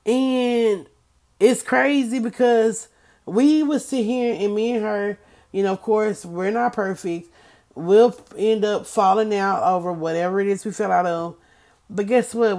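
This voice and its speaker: A woman with a mid-range voice chats casually with viewers and reads from a book. She's emphatic, and when excitement takes over she repeats herself and stutters.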